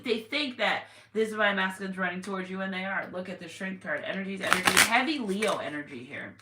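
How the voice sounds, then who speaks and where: Lady doing a chill tarot reading, keeps repeating herself, yells out now and then, echoey room. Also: mid-range voice, quick pace, few pauses. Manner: chatty, repetitive, with sudden exclamations. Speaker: tarot reader. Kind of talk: casual tarot reading to viewers. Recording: echoey room with faint noise.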